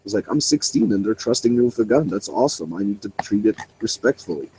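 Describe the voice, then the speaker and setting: A man's voice: on the low side, lively intonation, fast, noisy background. A young man swearing freely as he tells a rambling story in a casual online voice chat. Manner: profane, rambling, laughing.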